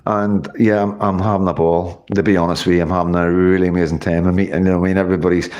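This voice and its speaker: A man's voice: low voice, flat delivery, quick pace, a little mellow, lo-fi sound, slight background noise. Northern irish guy, middle-aged, rambling livestream chat, swears a lot, loads of fillers. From Northern Ireland.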